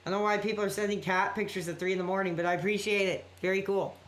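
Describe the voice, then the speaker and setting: A man's voice: high voice, little pitch movement, rapid-fire, a bit bright, a little hiss or hum. A man chatting casually on a late-night live stream, rambling and apologetic as he reacts to viewer messages.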